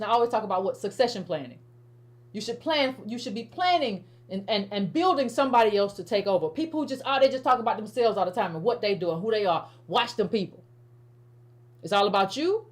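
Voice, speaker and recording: A woman speaks, giving casual political commentary straight to her audience. She talks emphatically, repeating phrases and restarting her sentences as she drives each point home. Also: high voice. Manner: emphatic, repetitive, stammering restarts, addresses viewers as family. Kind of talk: casual direct-to-camera commentary.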